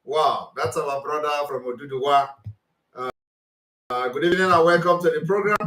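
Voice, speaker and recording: A man's voice: fairly high pitch, normal speed, fairly bright tone. A man hosting a live call-in broadcast, laughing often and repeating his thanks. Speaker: host. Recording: echoey room.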